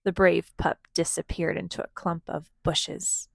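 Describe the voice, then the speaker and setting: A woman at home reading a storybook aloud to her children, pausing to ask them gentle questions. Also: fairly low pitch, little pitch movement, creaky, dry recording.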